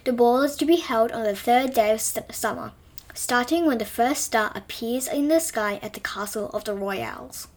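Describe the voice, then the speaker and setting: A young woman tells her own reimagined fairy tale in a playful, chatty way. Her voice sits a little high, and she often trips over a word and corrects herself before carrying on. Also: moderate pace. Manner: playful, with frequent self-corrections. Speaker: storyteller. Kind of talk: reading a self-written story aloud.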